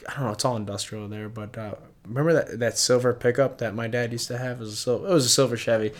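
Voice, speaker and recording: A man telling a casual story among friends, loose and halting with restarts. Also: mid-range voice, fairly even intonation. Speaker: friend in conversation.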